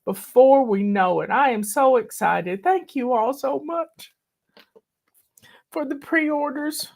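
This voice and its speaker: A woman's voice: high voice, slow pace, vocal fry, a little mellow. A woman, hosting a casual live video chat in a folksy, emotional, drawling manner, teary at times. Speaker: host.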